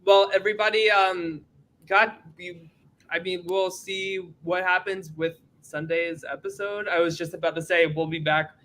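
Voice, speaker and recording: A man hosting a casual podcast chat. He talks in a loose, giggly way and is quick to laugh. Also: sits high, fairly even intonation, a bit bright. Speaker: podcast host.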